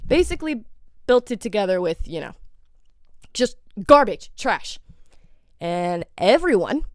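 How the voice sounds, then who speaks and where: A woman's voice: mid-range voice, sing-song, unhurried, no room sound, studio quality. Heated swearing young woman podcaster. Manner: heated, swears a lot, rhetorical questions. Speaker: podcast host. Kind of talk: casual commentary rant.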